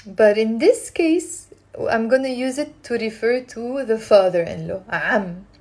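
A woman teaching Arabic live from her phone, lively and coaxing, repeating words for learners to drill. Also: a little high, unhurried. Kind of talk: live-streamed language lesson.

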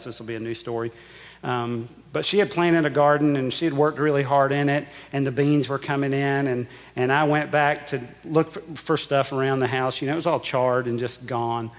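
A male pastor preaching a sermon, telling a personal story with emphatic repetition. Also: mid-range voice. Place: church sanctuary. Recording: church sanctuary with long reverb.

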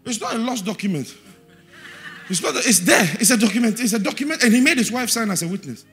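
A man with a Ghanaian English accent preaching a sermon in a church, repeating verse references and swinging from quiet asides to shouted, sing-song emphasis. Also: very high voice, animated, fast, soft background music.

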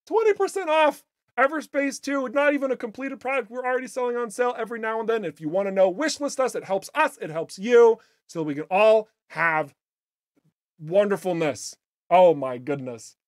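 A game studio host chatting casually on a livestream, playful and upbeat with jokey asides. The voice is a little raspy today. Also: medium pitch, moderate pace, no room sound. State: slightly raspy voice.

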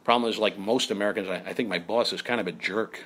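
A middle-aged man hosting a comedy show from home, telling a mock-outraged story with shouty bursts. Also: on the low side, quick pace, a little hiss or hum. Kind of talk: comic monologue.

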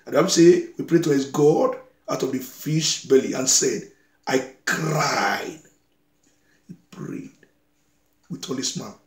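Exhorting preacher in an echoey room. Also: male voice, mid-range voice, moderate pace, darkish tone. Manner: exhorting, repeats phrases, prays over listeners. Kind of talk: sermon with scripture reading.

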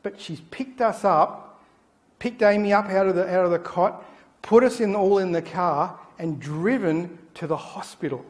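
A middle-aged man, a pastor preaching a sermon and telling an anecdote with animated storytelling. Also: high-pitched, moderate pace. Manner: animated storytelling, acting out the people in his anecdote. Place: church.

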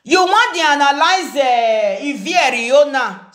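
In an echoey room, a woman speaking with a Nigerian Pidgin English accent mocks and rants at someone for a confrontational commentary video. She's a social media commentator with a high-pitched, animated voice and a moderate pace.

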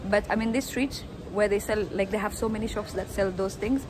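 A woman's voice: mid-range voice, fairly quick. A woman casually vlogging while walking through an outdoor street market, talking to a handheld camera with lots of "like" fillers. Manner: chatty, many "like" fillers. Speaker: vlogger showing shops. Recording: phone vlog with loud street noise. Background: street ambience and traffic.

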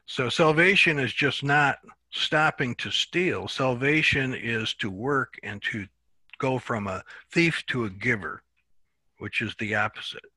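A man teaching a Bible class in a relaxed, halting way, often repeating words as he thinks. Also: mid-range voice, husky, no room sound.

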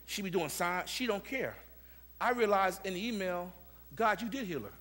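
A middle-aged male pastor preaching a Sunday sermon in a church, repeating words and moving from low musing to shouted preaching. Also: animated, moderate pace. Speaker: senior pastor. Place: church sanctuary.

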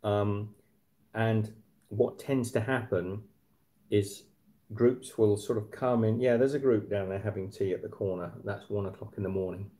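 Chatty man, low mellow voice. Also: steady tone, moderate pace. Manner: chatty, rambling, frequent fillers and restarts. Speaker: livestream host. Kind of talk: casual live-stream chat. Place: apartment at night.

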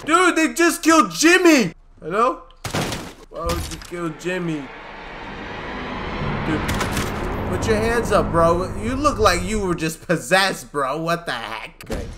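A man doing loud, jokey gameplay commentary, yelling, swearing and acting scared, with game music underneath. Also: sits high, a little hiss or hum. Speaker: gaming YouTuber playing a shooter campaign.

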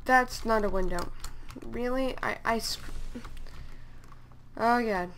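Excitable woman gamer, slow-talking. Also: fairly high pitch, a little hiss or hum. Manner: excitable, exclaims and grumbles at opponents. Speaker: gameplay commentator. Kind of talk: casual gameplay commentary.

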